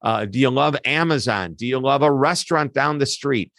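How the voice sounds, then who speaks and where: A man talks as an interview guest in a lively, animated way, slipping quick asides into his explanations. His voice sits at a medium pitch. The recording is dry and close, with no room echo. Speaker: customer service expert guest. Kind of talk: interview answers.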